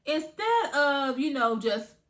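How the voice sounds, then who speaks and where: Bright-voiced woman reviewing a movie. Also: high-pitched, slow. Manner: animated storytelling with asides to viewers. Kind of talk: casual spoken movie review.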